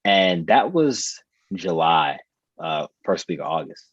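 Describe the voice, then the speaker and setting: A man's voice: deep voice, big pitch swings, slow, slightly rough, dry recording, muffled recording. A man in his thirties, a podcast guest telling a personal story in an earnest, reflective way, repeating phrases for emphasis. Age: 30s.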